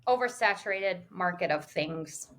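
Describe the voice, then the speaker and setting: A woman's voice: on the low side, lively intonation, normal speed. A woman from Minnesota, a guest on a casual podcast, playful and jokey, cutting in with quips. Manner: playful, jokey, interjecting with loud call-outs.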